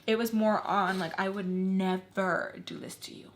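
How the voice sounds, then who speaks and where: A woman's voice: medium pitch, steady tone, unhurried. A woman vlogger telling a personal story while doing her makeup. She talks casually and bluntly, swears freely, and acts out what people said. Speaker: beauty vlogger.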